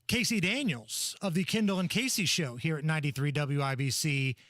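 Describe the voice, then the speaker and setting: A man's voice: a little high, brisk, fairly bright tone, no room sound, studio quality. A man hosting a talk radio show, brash, mocking and blunt. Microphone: studio microphone.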